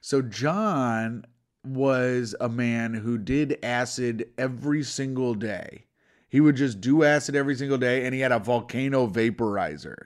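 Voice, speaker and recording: A man's voice: medium pitch, a little slow. A man co-hosting a podcast in casual chat, telling rambling, profane stories full of "like". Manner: rambling, profane storytelling with lots of "like". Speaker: podcast co-host.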